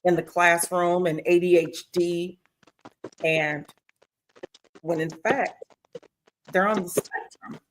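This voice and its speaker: A woman's voice: on the low side, takes it slowly, pauses often, a little hiss or hum, low-quality recording. A woman hosting a streamed interview show, reading out viewer comments and telling stories with playful mimicry. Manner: animated storyteller, playful mimicry. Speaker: host.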